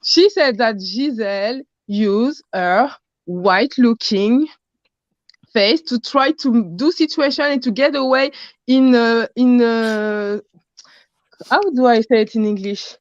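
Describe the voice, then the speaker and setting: Blunt French-accented woman caller, slightly high voice, dull dry line. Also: slow, dry recording. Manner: blunt, searching for English words. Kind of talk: casual chat.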